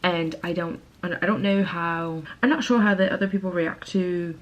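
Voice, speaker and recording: On a home camera, a young American woman who vlogs about beauty chats her way through a makeup tutorial, giggly and self-mocking, wandering off topic and saying "like" constantly. She has a lowish voice and a moderate pace, and the recording sounds lo-fi.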